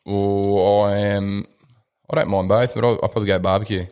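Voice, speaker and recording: Brief: Aussie man, relaxed blokey guest, swears freely, lowish voice. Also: moderate pace, smooth. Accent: Australian. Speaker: podcast guest. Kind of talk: casual chat and joke telling.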